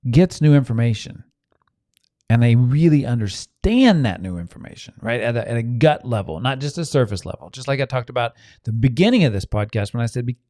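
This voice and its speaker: An earnest man hosting a motivational self-help podcast, talking straight to his listeners with many restarts and asides. His voice is warm and mellow and swings up and down with feeling. The sound is dry and close. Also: medium pitch, brisk, no echo. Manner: earnest and animated, acts out inner voices in quotes; frequent restarts and audience asides.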